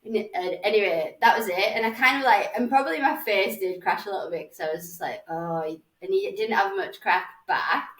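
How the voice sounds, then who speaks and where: A woman's voice: mid-range voice, fairly quick, hardly any pauses, a bit bright. Chatty northern english woman, roomy sound. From Northern England. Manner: chatty, swearing, acts out voices. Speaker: podcast guest. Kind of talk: casual chat, storytelling. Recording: roomy, slightly distant mic.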